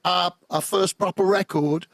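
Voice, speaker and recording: A man, a guest musician, telling lively anecdotes in an animated way on a podcast. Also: high voice, a little slow, no room sound. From England. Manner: lively anecdotal, acts out quotes. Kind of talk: animated storytelling.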